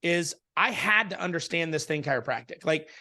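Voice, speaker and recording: Animated man telling a story. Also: fairly high pitch, moderate pace. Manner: animated storyteller, many restarts, acts out quotes. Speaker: interview guest. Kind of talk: casual storytelling in a conversation.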